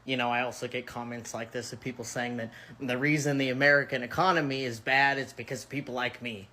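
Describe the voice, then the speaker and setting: A social media creator doing a sarcastic, mocking monologue in a short video, with big swings between high and low. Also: fairly even intonation, fast, sharp tone.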